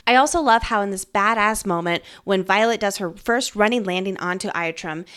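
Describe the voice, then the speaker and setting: A woman's voice: mid-range voice, fairly bright tone. A woman co-hosting a book podcast, talking enthusiastically and weighing theories about the story. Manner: enthusiastic, analytical. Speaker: podcast co-host. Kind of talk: casual book discussion.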